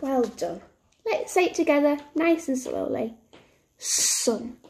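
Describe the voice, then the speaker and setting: A woman teaching a phonics lesson to young children, slow and encouraging, with sing-song praise. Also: high voice, sing-song, creaky, darkish tone. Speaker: primary school teacher.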